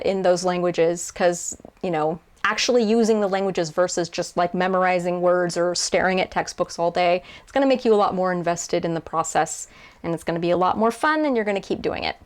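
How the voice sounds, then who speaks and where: A woman's voice: fairly low pitch, moderate pace. A young woman translator casually answering viewer questions to camera, chatty and self-deprecating, with frequent fillers and restarts. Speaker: YouTuber and translator.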